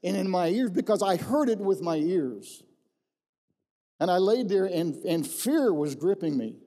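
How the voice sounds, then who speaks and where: In a large hall with long reverb, a middle-aged pastor gives his testimony in a high-pitched, dark-toned voice. He is expressive and a little slow, telling it folksily and repeating phrases to drive points home.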